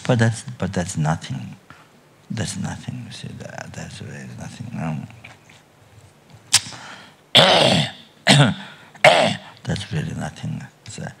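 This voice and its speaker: An older man giving a Buddhist dharma talk at a retreat, speaking haltingly with many restarts and trailing phrases, often coughing and clearing his throat. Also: a bass voice, a bit bright. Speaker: Buddhist teacher.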